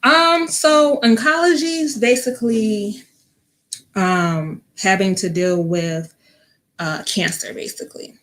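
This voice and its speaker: Speaking slowly in a mid-range, fairly bright voice, a young vet tech shares a personal story during a relaxed interview. She fills her talk with ums and performs the lines she quotes.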